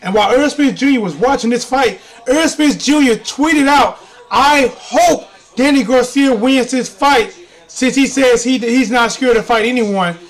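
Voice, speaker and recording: A man hosting a sports recap channel, talking excitedly over a fight broadcast, repeating what he hears and calling out to his viewers. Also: very high-pitched, a little slow. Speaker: sports commentary host. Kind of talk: live reaction and recap commentary.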